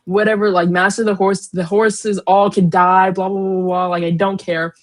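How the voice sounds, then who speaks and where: A woman's voice: mid-range voice, little pitch movement, normal speed, close to an everyday voice. A young woman voicing a distraught, grieving noble mother, whining that she cannot cope. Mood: despairing. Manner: whiny, overwhelmed protest.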